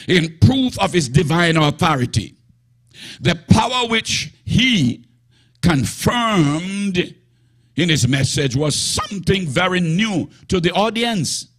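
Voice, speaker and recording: A male preacher delivers a sermon in a breathy, husky voice, slow and drawn-out. His pitch swings widely and rises to emphatic shouts. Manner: emphatic, rising to shouts with bursts of laughter.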